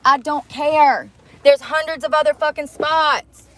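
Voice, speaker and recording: A woman's voice: high voice, steady tone, measured pace, a bit bright. Angry woman ranting in her car. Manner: angry, profane, blunt. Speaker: vlogger. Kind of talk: heated rant to the camera. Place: inside her car at night.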